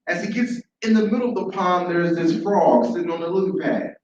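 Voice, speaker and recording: Man, live storyteller, animated, repeats phrases, high voice, far-off echoey sound. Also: fairly quick, dull audio, slight background noise. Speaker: storyteller at an open mic. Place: large room at a library event.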